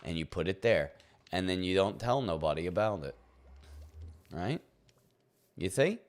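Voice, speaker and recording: This male streamer has a low, expressive voice and an unhurried delivery. He casually chats with viewers during a game, rambling playfully, chuckling frequently and addressing his chat.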